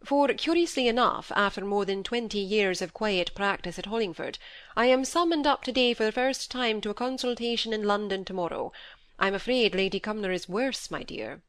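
A woman reading aloud, voicing a calm, matter-of-fact middle-aged male doctor in a storybook. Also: mid-range voice, moderate pace, no echo, close to an everyday voice. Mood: measured.

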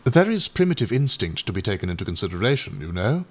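A man's voice: fairly low pitch, big pitch swings, fast. A man reading a doubtful, flustered Edwardian uncle. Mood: hesitant. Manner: hesitant, polite, a little flustered.

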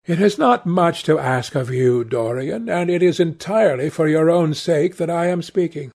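Male narrator voicing a grave, earnest gentleman painter; gravelly audiobook delivery. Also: fairly high pitch, normal speed.

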